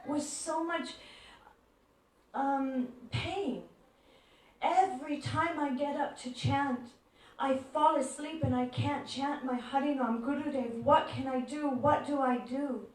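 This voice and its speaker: A woman's voice: high voice, steady tone, slow pace. A woman voicing a tearful woman devotee pleading for help, in an echoey room. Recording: echoey room, far from mic.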